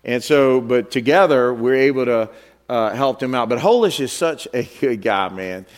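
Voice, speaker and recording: A man preaching in a church, chatting casually with fillers, whose pitch jumps high and loud when he tells a funny story. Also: expressive, normal speed. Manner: conversational, with filler words and restarts. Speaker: pastor. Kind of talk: sermon with an animated, joking story.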